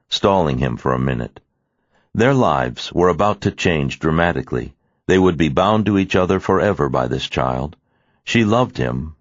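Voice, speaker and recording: A man narrating an audiobook with expressive storytelling, in a dry, slightly muffled studio recording. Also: very deep voice, no room sound. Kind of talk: scripted narration.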